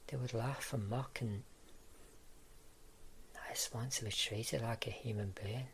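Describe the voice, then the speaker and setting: A man performing a whispered role-play in a slow, weary, despairing manner. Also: mid-range voice, steady tone, vocal fry, a little hiss or hum. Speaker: ASMR performer.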